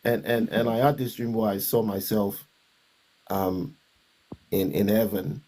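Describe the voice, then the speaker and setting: A man's voice: fairly low pitch, steady tone, measured pace, dark tone. A man sharing a personal faith story in conversation, reflective and a bit hesitant. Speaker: guest.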